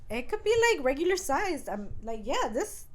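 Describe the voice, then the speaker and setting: A woman's voice: high voice, normal speed. A woman co-hosting a podcast, chatting casually and crudely, acting out characters from a book. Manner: animated, acts out characters, crude humor. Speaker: podcast co-host.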